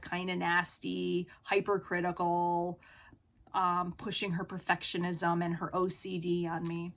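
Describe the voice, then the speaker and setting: A woman in her thirties telling a story to camera in a casual vlog, animated and exasperated, full of "you know" and "like". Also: on the low side. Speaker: vlogger.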